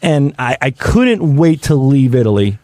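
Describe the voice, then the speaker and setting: A man on a radio show telling crude, animated stories in a brash way. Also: medium pitch, unhurried, no echo. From United States. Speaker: co-host. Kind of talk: casual storytelling chat. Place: radio studio.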